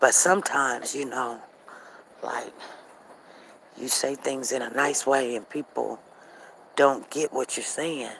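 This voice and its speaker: A woman hosts a casual, rambling live chat on a phone as she walks outside, with faint outdoor noise behind her. She talks straight to her viewers and greets them by name. When she gets serious she drops her voice low and quiet. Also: fairly even intonation, slow pace, creaky, pauses often, poor audio. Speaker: livestream host. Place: outdoors, walking.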